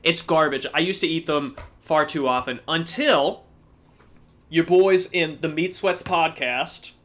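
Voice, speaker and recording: Bright, animated storytelling man. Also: a little high, a little slow. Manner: animated storyteller, swears freely. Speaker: co-host. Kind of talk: casual livestream chat.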